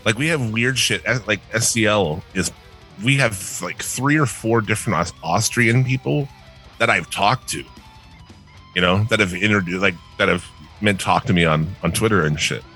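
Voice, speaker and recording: Deep-voiced sarcastic podcast host. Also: male voice, moderate pace, sharp tone, faint music behind. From northern United States. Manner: loose, sarcastic, swears a lot. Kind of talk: casual profane podcast chat.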